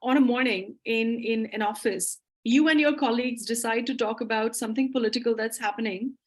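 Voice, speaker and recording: A woman co-teaching a live online class explains things calmly and fluently. Her voice sits slightly high. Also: fairly quick. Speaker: course instructor.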